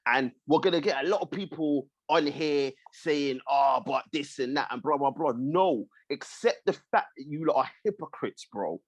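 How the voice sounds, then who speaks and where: A man's voice: fairly high pitch, animated, moderate pace, few pauses, no room sound. Emphatic man, dry close sound. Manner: emphatic, repeats points, says bruv. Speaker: podcast co-host. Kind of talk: heated casual chat.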